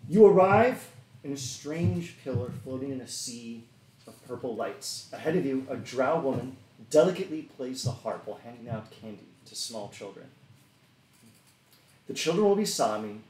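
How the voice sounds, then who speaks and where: A man's voice: medium pitch, animated, normal speed, a little mellow, roomy sound, distant mic, slight background noise, rough recording. A man narrating a tabletop game as game master, in a laid-back way with loose fillers.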